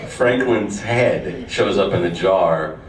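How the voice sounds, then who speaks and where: A man telling lively stories with lots of laughter as a guest on a convention panel. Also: low voice, slow pace. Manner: animated, laughing storyteller. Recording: echoey, distant hall mic with noise.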